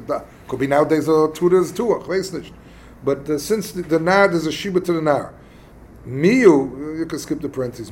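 A man teaching a casual text study lesson, explaining passages in a halting, conversational way and acting out quarrels. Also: a little high, a little hiss or hum. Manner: halting, explains texts plainly and acts out quarrels. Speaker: religious teacher.

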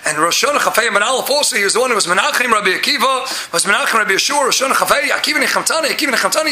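A man gives a lively Talmud class and keeps bursting into loud, emphatic stretches. His voice sits very high and cuts through sharply. The room around him rings with echo and a faint hiss. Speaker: Torah teacher.

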